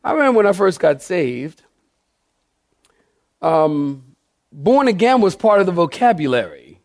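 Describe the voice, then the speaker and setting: Man, pastor, middle-aged, emphatic sermon, repeats phrases for weight, fairly high voice, dry close sound. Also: sing-song, a little slow, no room sound. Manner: emphatic preacher, repeating key phrases and asking the congregation questions.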